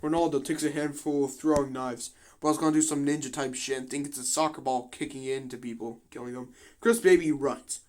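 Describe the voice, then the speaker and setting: A man's voice: mid-range voice, steady tone, fairly quick, darkish tone. A young man giving casual commentary on a game simulation, slangy and full of swearing and joking asides.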